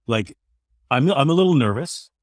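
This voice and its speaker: A man's voice: medium pitch, lively intonation, normal speed, no echo, studio quality. A middle-aged man from Canada, a former radio host, talking earnestly and loosely as an interview guest, peppering his talk with "man" and "you know". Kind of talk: candid interview conversation.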